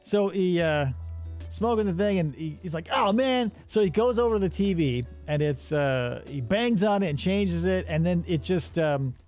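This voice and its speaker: A man's voice: on the high side, moderate pace, soft background music. A man casually recapping a movie while he works, acting out the characters' lines. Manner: animated storyteller, acts out the characters' lines. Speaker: podcast co-host.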